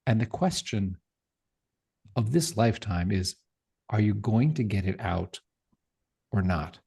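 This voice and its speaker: A man's voice: on the low side, expressive, measured pace, vocal fry, dark tone, husky. A middle-aged man speaking as a podcast guest, talking passionately and emphatically with rhetorical questions. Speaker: podcast guest, tech founder. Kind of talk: animated interview talk.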